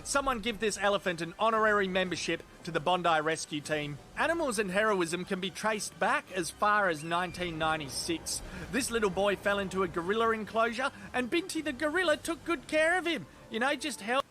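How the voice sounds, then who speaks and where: A man's voice: sits high, brisk, few pauses, pushed and bright. An Australian man doing sarcastic, sweary comedic voice-over commentary on viral clips. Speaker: video reviewer.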